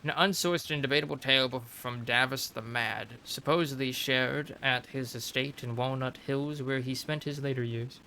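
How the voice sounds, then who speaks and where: A man's voice: medium pitch, fairly even intonation, normal speed, gravelly, few pauses, bright, forceful tone, a little hiss or hum. A young man streaming a game, reading lore entries aloud with emphasis and stumbling over odd names. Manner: reads with emphasis, trips over strange names.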